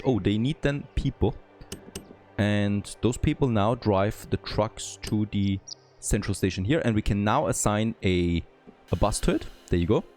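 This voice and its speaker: A man whose native language isn't English thinks aloud in a let's play of a city-building game, his voice on the low side. He gets excited readily and keeps saying "there you go."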